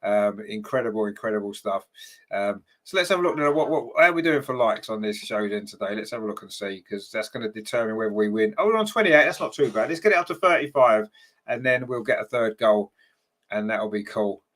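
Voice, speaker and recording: Male fan host, lowish register, casual partisan play-by-play with chat reading, filler-heavy. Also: brisk, fairly bright tone. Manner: chatty, partisan, many ums and tag questions. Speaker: watchalong host and commentator.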